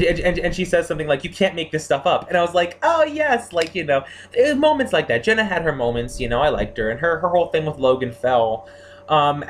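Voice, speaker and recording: A man giving a casual spoken review of TV characters, excitable and gushing, full of fillers and restarts. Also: on the high side, slight background noise. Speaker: TV series reviewer.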